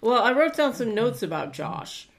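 A woman co-hosting a casual podcast chat, cutting in with quick, blunt remarks. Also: a little high, sing-song, creaky. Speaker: podcast co-host. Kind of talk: casual chat recapping TV shows.

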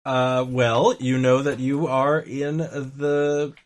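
A man running a tabletop game as game master, describing scenes slowly and haltingly with frequent fillers. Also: mid-range voice, little pitch movement. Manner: unhurried, halting, with fillers and laughs.

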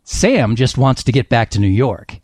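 A man's voice: medium pitch, expressive, normal speed, darkish tone, slightly rough, no room sound, clean studio sound. A man hosting a comedy panel game, reading book blurbs aloud with playful, laughing, dramatic delivery. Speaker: host.

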